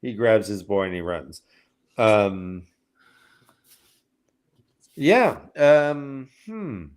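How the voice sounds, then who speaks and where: A man co-hosting a casual book-club show, recapping chapters with animated storytelling and jumping into high mocking character voices. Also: very slow. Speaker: podcast co-host recapping chapters.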